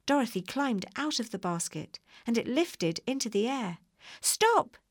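Woman narrator, calm storybook reading; dry close sound. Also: a little high, moderate pace, no echo.

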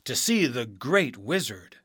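A man's voice: medium pitch, very animated, takes it slowly, a bit bright, breathy edge, dry recording, studio quality, full character voice. A man voicing a polite young girl far from home, raising his voice to sound earnest in a storybook reading.

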